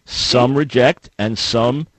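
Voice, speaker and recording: A man's voice: mid-range voice, slow, a crowd in the background, low-quality recording. A middle-aged man hosting a call-in radio show, arguing emphatically, quoting scripture and repeating phrases for stress. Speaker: radio host. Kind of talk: call-in talk radio debate. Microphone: studio microphone.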